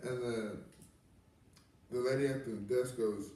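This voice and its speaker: A man's voice: mid-range voice, normal speed, pauses often, warm tone. A man chatting as a comedian, telling stories bluntly with lots of swearing. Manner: blunt, profane storyteller. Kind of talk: casual comedic chat. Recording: echoey room, distant mic.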